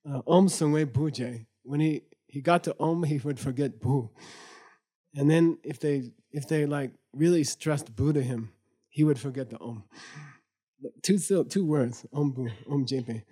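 A man with a mellow, relaxed tone explains an old Buddhist story line by line. He reads a phrase of the source text, then puts it into everyday words, often repeating himself and checking that the listeners follow. He tells the story with some humor and laughs at times. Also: medium pitch, a little slow, husky. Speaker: Buddhist teacher. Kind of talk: lecture reading a Tibetan text aloud and explaining it line by line.

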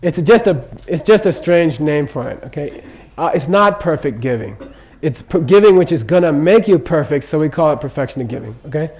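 A man's voice: fairly high pitch, lively intonation, brisk, hardly any pauses, darkish tone, low-quality recording. Older man teaching casually, often asking "okay?". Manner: chatty, joking, checks in with "okay?" constantly. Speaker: Buddhist teacher. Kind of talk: informal dharma teaching. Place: teaching room in Kathmandu.

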